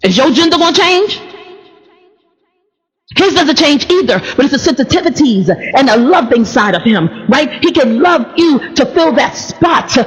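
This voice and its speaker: A woman's voice: high voice, expressive, unhurried. Blunt joking woman preacher in a hall. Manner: blunt, joking, repeats words while searching. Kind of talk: sermon. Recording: long reverb of a large hall.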